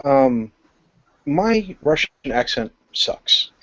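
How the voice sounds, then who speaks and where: A man from the United States co-hosting a podcast, telling a rambling, animated story in casual chat. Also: medium pitch, drawn-out words, muffled recording. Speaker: podcast co-host.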